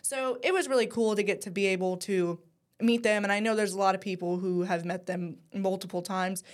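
A woman's voice: medium pitch, fairly even intonation, a little fast. Chatty young woman co-hosting a talk show. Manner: chatty and enthusiastic, with frequent ums. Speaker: co-host at a news station. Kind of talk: casual chat.

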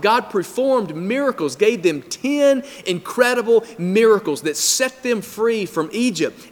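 A male pastor delivers a sermon with a fairly high voice and an emphatic, repeating rhythm. His words ring out with a long reverb from a church hall. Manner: emphatic, repetitive preaching rhythm.

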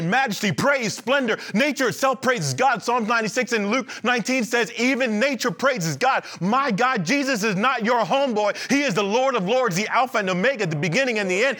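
A man preaching an animated, emphatic sermon to a church, repeating lines and joking between points. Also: very high voice. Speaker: pastor.

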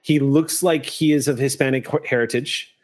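A man's voice: mid-range voice, fairly even intonation, normal speed. A man narrating a tabletop game as game master, describing scenes at length with frequent fillers.

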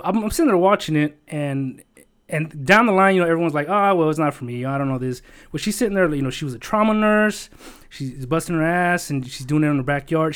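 A man in casual chat, telling a long rambling story with lots of swearing, fillers and emotion. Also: a little high.

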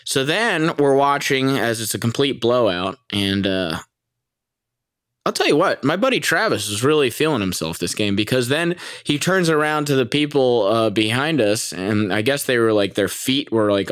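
A young man from the United States telling a story in a casual, animated and profane way, laughing often. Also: normal speed, clear, resonant tone, dry recording, clean studio sound. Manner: animated, profane, laughs often, mimics people in high voices. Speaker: vlogger.

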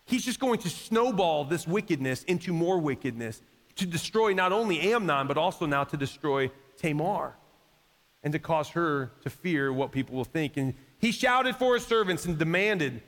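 A man's voice: on the high side, animated, normal speed, fairly bright tone. A man preaching a sermon as pastor, in a conversational style that acts out quoted voices and rises to emphatic peaks. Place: church sanctuary. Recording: long reverb of a large hall.

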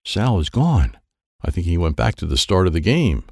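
A man reading a children's chapter book aloud with plenty of playful animation, his low voice gravelly and rising and falling in wide swings. He voices the sound effects himself, and the recording is close and dry. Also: huge pitch swings, normal speed, a little mellow, no echo. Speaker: audiobook narrator.

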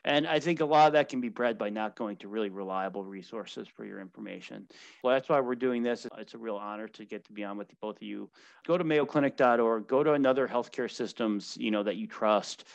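A man's voice: fairly low pitch, fairly quick, gravelly, lo-fi sound. A man, a physician guest on a podcast, urging listeners earnestly. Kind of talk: podcast interview.

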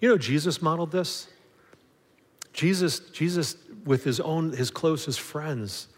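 A man's voice: fairly high pitch, measured pace. Conversational preacher man in a reverberant hall. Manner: conversational, acts out little dialogues, frequent restarts. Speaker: pastor. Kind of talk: sermon.

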